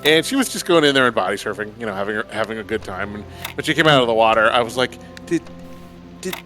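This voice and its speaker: A man hosting a game stream, chatting casually and telling animated stories. His voice is fairly low but bright and forceful, with faint music underneath. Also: very fast. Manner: animated storyteller who acts out voices. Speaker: streamer host. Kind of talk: casual chat while gaming.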